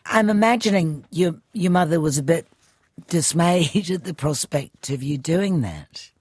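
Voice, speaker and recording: An interviewer with a husky, breathy voice asks probing questions in a conversational way. The pitch moves around a lot as they speak. The sound is close and dry. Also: animated, a little slow, a little mellow, no room sound. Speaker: radio interviewer.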